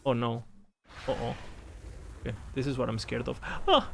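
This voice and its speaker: A man streaming a game, thanking subscribers and reacting in animated, playful talk that is full of swearing. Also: mid-range voice, moderate pace, creaky, noisy background. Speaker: gaming streamer. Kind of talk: casual game commentary.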